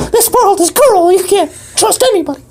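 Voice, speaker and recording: A woman voicing a crude, despairing male pet bird in an improvised comedy story, squeaky and crass, laughing through her lines. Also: full character voice.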